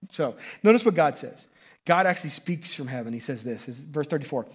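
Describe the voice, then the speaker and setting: A man preaching in a loose, conversational way, his voice sitting a little high and sounding husky. He gets excitable, trips over restarts and keeps checking in with his listeners. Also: brisk. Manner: conversational, excitable, frequent restarts and "right?" tags. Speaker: pastor. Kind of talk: sermon.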